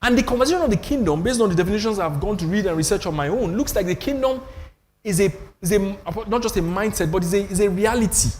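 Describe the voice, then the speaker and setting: A man's voice: high voice, expressive, fast talker, darkish tone, slight background noise. Older man, Nigerian accent, emphatic storyteller, long hall echo, faint ambience. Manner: storytelling, emphatic, self-deprecating. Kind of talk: animated panel talk on church.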